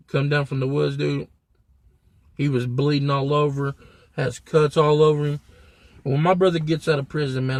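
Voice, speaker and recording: A young vlogger with a mid-range voice tells a story to camera for his viewers, keeping it blunt, profane, and heavy on slang. The recording has no echo.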